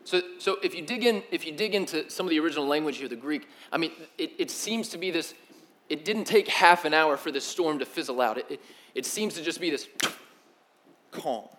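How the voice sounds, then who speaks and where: A young man preaching a sermon, telling the story in an animated, slangy way that swings from loud to hushed. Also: a little high, brisk. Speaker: pastor.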